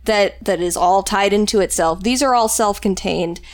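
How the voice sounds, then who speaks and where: A woman co-hosting a podcast in casual chat, enthusiastic and quick to laugh. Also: mid-range voice. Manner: enthusiastic, laughs often, chatty with many restarts. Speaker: podcast co-host.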